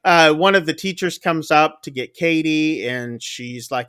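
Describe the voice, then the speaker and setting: A man's voice: on the high side, steady tone, a little slow, hardly any pauses, a bit bright, clean tone. A man co-hosting a podcast, retelling a movie plot in a rambling, casual way, full of fillers as he acts out the characters' lines. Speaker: podcast co-host recapping a film. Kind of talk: casual chat.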